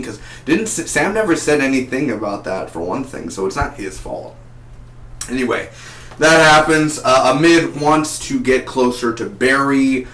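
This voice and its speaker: A man of ordinary pitch talks through a TV episode in a loose, excitable way, stumbling over his words and circling back as he goes. The room around him is bare and echoey, so his voice rings off the walls. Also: a little slow. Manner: excitable and rambling, repeats and restarts words. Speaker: TV episode reviewer. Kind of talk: casual spoken review.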